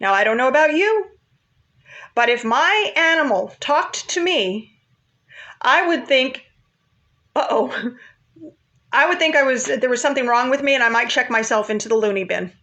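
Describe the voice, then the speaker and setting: A woman's voice: high voice, animated, moderate pace, sharp tone. A woman casually retelling a Bible story in a chatty, informal way, with asides to her viewers.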